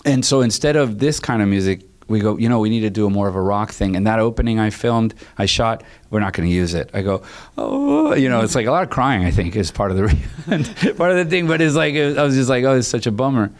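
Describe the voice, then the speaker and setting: Male film composer, lower voice, animated raconteur who acts out quotes. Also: fast, hardly any pauses. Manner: lively storyteller who acts out quoted dialogue; frequent restarts and fillers. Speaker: film composer, podcast guest. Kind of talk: casual storytelling conversation.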